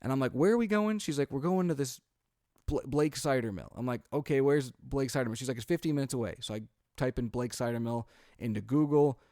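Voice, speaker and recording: A man in his thirties tells a chaotic family story in a casual podcast chat. He acts out what everyone said and leans on "like" and "um" as he goes. His voice is mid-pitched and sits close to a dry microphone. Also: brisk, no room sound. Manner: animated storyteller, acts out quotes, frequent "like" and "um". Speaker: podcast co-host.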